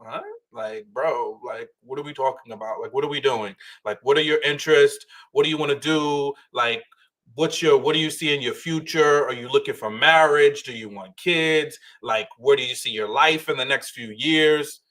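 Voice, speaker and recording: A man's voice: medium pitch, moderate pace, a bit bright. Thoughtful man questioning on a panel. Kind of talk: casual panel chat.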